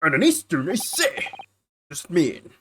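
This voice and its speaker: A woman voicing a huge, gruff middle-aged male prison governor, speaking in a rough, menacing, suspicious way. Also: fairly low pitch, very animated, measured pace, background noise. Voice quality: rough, gravelly put-on voice.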